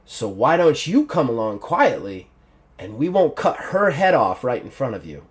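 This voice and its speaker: A man voicing a big, menacing male thug who speaks slowly and with quiet threat. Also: medium pitch, wildly swooping pitch.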